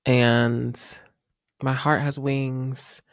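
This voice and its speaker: A man's voice: mid-range voice, little pitch movement, extremely slow, no echo, studio quality. A man, chatting emotionally and laughing as host of his solo podcast. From North Carolina. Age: 30s. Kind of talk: casual solo podcast chat.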